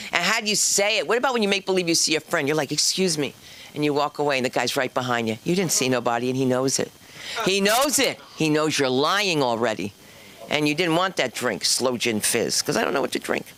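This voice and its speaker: Quick and lively, a low-pitched woman with a fairly bright tone hosts a comedy night at a club. Her stand-up crowd work is chatty, full of teasing jabs at the audience.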